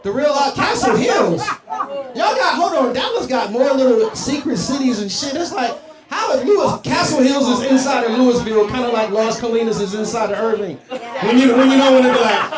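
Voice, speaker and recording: Stand-up comic from Columbus, Ohio, very high voice, rambling and profane with the crowd, echoey club mic with laughter. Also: male voice, expressive, normal speed. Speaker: stand-up comedian. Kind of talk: stand-up comedy set. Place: comedy club stage.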